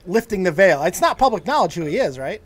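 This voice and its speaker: A man's voice: high voice, sing-song, quick pace, a crowd in the background. A man hosting a casual podcast, brash and profane, teasing his co-host. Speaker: show host.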